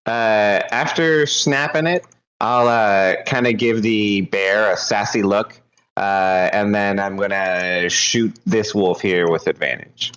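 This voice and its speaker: Male tabletop player, lowish voice, hesitant casual delivery. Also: fairly bright tone, clean tone, poor audio. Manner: hesitant, many pauses. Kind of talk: casual tabletop game play.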